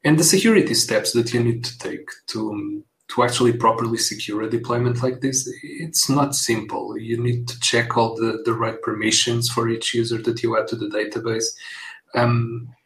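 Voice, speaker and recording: A man in his forties co-hosting a casual tech podcast, explaining things in a steady, measured way. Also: medium pitch, poor audio. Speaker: podcast co-host.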